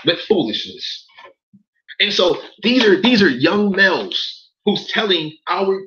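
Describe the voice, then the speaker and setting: This livestream commentator has a high, very animated voice that's pushed and bright, yet he takes it slowly, and the audio is dull. He rants directly at his chat, profane and repetitive, growing more worked up.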